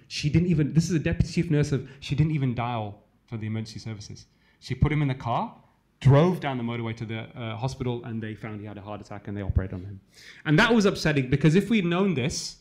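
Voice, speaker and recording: Guy from england, heart doctor, rattling off a personal story quick, goes quiet in the sad bits. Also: mid-range voice. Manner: fast, conversational storytelling, dropping to a quiet hush for sad moments. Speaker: cardiologist speaker. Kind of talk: personal story told to a live audience. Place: conference hall.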